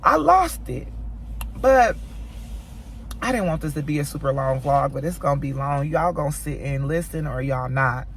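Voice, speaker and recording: Animated cursing mom telling a story. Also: female voice, low-pitched, normal speed, slight background noise. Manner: animated, profane retelling, voicing quoted people; talks straight to viewers as "y'all". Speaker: mom vlogger. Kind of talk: storytime vlog.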